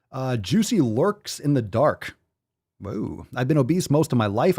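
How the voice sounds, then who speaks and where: A man hosts a live podcast stream and reads viewer comments aloud. He swears freely and hypes things up, with a sarcastic edge. His voice sits at an ordinary middle pitch. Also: a little mellow. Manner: profane, hyped-up, sarcastic. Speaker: podcast host.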